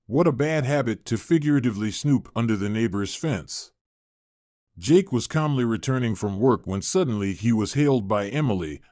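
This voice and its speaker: Male storyteller, steady scripted read, mid-range voice, dry. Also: medium pitch, no echo. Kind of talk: scripted narration.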